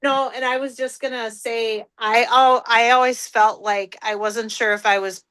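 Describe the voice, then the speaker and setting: A woman speaking hesitantly on a video call, hedging as she talks. Her voice is bright, smooth and clear, and sits fairly high. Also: steady tone, moderate pace. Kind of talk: casual chat on a group call.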